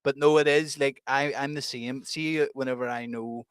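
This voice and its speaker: A man's voice: mid-range voice, fairly even intonation, normal speed, clean tone, no room sound, clean studio sound. A man, chatting casually as co-host about producing music, laughing often. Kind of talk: casual chat.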